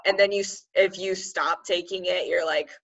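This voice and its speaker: A woman's voice: on the low side, steady tone, normal speed, creaky, fairly bright tone, no echo. Chatty young woman hosting, dull dry sound. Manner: laughs often, chatty and upbeat. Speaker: podcast host and herbal medicine practitioner. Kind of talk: casual conversational podcast.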